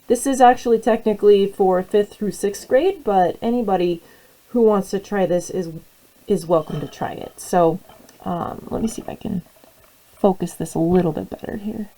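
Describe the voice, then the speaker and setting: A woman's voice: mid-range voice, normal speed, warm tone, rough recording. A young woman teacher with the hiccups, giving a casual classroom tutorial in a friendly, rambling way. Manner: friendly, rambling with fillers and restarts. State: has the hiccups.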